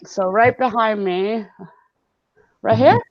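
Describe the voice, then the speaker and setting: A woman's voice: fairly high pitch, slow pace, dry recording. Chatty woman hosting a live stream. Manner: chatty, laughs often, reads chat comments aloud. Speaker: host of a live hangout. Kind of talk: casual live-stream chat. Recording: dull, lo-fi video call audio.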